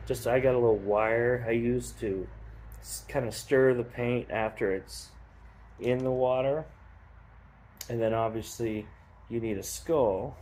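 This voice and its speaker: Easygoing guy rambling thru a diy how-to, warm mellow voice, faint noise behind. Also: mid-range voice. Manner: relaxed, rambling, self-deprecating asides. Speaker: hobbyist demonstrating skull hydro dipping. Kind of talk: casual how-to tutorial.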